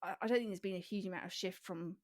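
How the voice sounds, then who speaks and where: A woman's voice: lowish voice, fast talker, no room sound, studio quality. A woman, co-hosting a podcast in colloquial, bantering chat. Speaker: podcast co-host. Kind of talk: casual chat.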